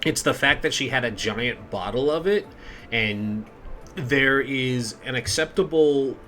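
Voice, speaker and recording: A woman's voice: a bass voice, a little slow, fairly bright tone, soft background music. A sleep-deprived woman chatting casually as a tabletop game player, telling a rambling story. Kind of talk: casual chat.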